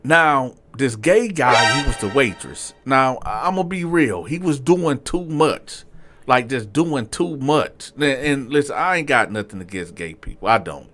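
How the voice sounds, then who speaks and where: A man casually telling his own story to viewers in slangy talk, swinging from low asides to loud outbursts. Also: expressive, unhurried, soft background music.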